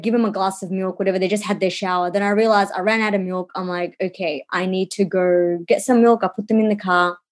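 A woman tells stories on a casual podcast. She is animated and swears freely, and her voice sits at a middling pitch. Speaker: podcast co-host. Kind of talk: casual chat.

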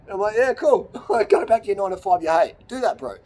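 A man's voice: sits high, expressive, racing, mellow. A man, a YouTuber giving a blunt, rambling motivational rant outdoors in the hills, swearing and laughing at his own jokes. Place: outdoors in the hills on a cold evening.

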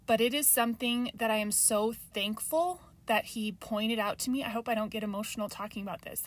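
A woman hosting her own podcast, speaking earnestly and confessionally. Her voice sits a little high. She pauses with frequent ums as she works through her thoughts. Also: fairly bright tone. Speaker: podcast host. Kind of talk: reflective solo podcast talk.

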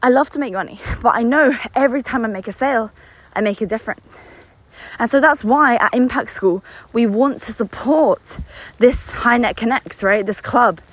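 A woman's voice: fairly high pitch, moderate pace, no echo. A young woman business coach giving an unscripted motivational talk, enthusiastic, a little out of breath, repeating words for emphasis. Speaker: business coach and company founder.

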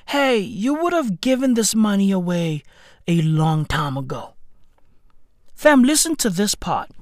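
A man's voice: high-pitched, dry recording, studio quality. A young man, ranting in a mocking, exasperated, profane way and calling people "bruv" and "fam". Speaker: commentator. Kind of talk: profane comedic rant.

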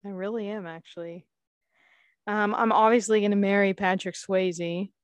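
A woman's voice: medium pitch, steady tone, moderate pace, clean tone, no echo. A woman co-hosting a podcast in casual chat, giggly and rambling, swearing freely. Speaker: podcast co-host.

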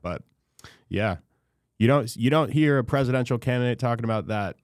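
A man's voice: medium pitch, lively intonation, fairly quick, no echo, clean studio sound. A man hosting a podcast in casual chat, talkative, with wry, self-aware asides. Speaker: podcast host.

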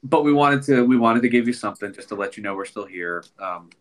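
A man's voice: medium pitch, lively intonation, quick pace. A man co-hosting a podcast in casual chat, congested and nasal from a sinus infection, rambling with many ums and restarts. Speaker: podcast co-host.

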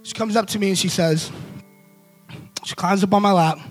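Man preacher, high pitch, lively casual storytelling, soft music underneath. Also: moderate pace. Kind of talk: storytelling devotional talk.

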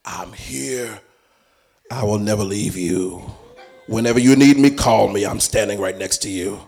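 A man voicing God as a calm, reassuring fatherly male voice, speaking slowly and steadily. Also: creaky. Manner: slow, low, steady and comforting.

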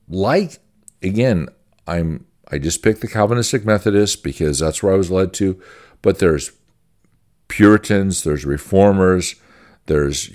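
A man's voice: low voice, a little mellow. A man, a pastor, giving an informal church-history teaching in a conversational, folksy way, repeating phrases as he goes.

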